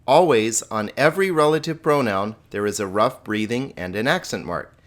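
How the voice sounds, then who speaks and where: A man's voice: medium pitch, lively intonation, normal speed. Patient male Greek teacher. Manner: patient, repeats and restarts words while explaining; holds a cat while teaching. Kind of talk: recorded grammar lesson.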